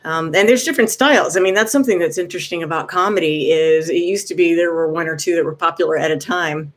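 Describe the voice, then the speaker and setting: A woman vlogger giving gentle, encouraging advice in casual talk, often pausing with "um". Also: lowish voice.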